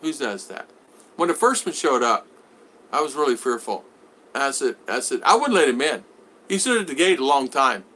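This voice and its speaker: A man chats casually on a home livestream. His voice is bright and forward, and he reads comments aloud, then answers them. He rambles, restarts his sentences and repeats his words. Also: mid-range voice, expressive, moderate pace. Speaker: vlogger reading live chat.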